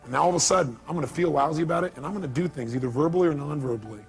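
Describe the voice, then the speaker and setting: A man delivers a motivational seminar with a high-pitched, emphatic voice. He keeps firing rhetorical questions at the crowd, and soft music plays underneath. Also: rapid-fire, creaky. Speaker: motivational speaker. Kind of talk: live seminar talk.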